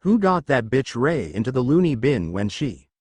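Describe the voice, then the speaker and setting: A man playing an arrogant, corrupt middle-aged hero who brags in a smug way. The voice is mid-pitched and expressive, and the sound is close and dry. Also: moderate pace, no room sound. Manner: boastful, smug.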